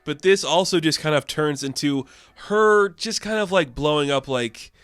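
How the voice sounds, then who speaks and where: A man casually recapping a comic issue in a rambling, excitable way, filling his talk with "like". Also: a little high, moderate pace, clean tone, no room sound. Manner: rambling, heavy use of "like", excitable. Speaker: comic book reviewer.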